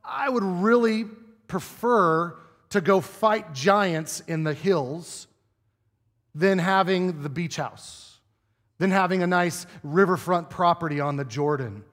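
A man's voice: high voice, takes it slowly, a bit bright. A pastor voicing a joking old man weighing his options during a sermon, in a church with long reverb. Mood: musing.

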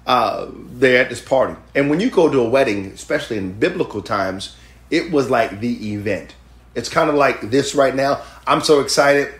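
A man preaching a lively, conversational sermon to his congregation, joking as he goes. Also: medium pitch, moderate pace, roomy sound. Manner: animated, conversational preaching with jokes. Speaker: pastor. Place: church sanctuary.

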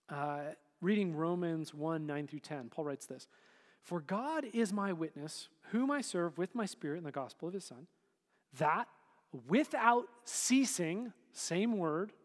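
A man preaching a sermon to a congregation in a relaxed, conversational way, full of fillers. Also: on the high side, a little slow. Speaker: pastor. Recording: hall reverb.

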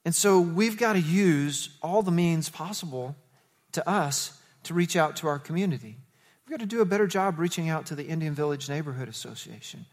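A man preaching as the pastor of his church, telling stories with lively, animated delivery. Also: a little fast. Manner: animated storytelling, jumps to high excited quotes. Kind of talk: sermon.

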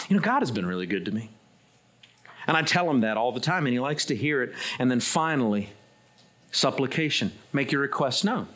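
A middle-aged man preaching a sermon as pastor, swinging between loud, high bursts and low, quiet asides. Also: animated, a little fast, husky.

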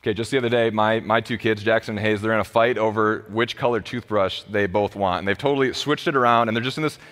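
A man in his thirties preaching a sermon as pastor, impassioned, rising to loud pleas and dropping to low, quiet emphasis. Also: steady tone, fast. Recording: long hall reverb.

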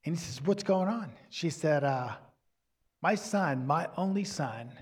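A man preaching a sermon to a congregation in an earnest way, at times dropping to a soft near-whisper for emphasis. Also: on the high side, expressive, a little slow, breathy edge. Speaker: pastor.

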